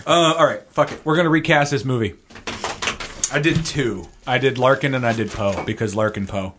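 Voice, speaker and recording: A man's voice: mid-range voice, fairly quick. Man, podcast co-host, swears freely and riffs on films, faint hiss behind. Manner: profane, joking, riffing. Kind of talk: casual movie-review chat.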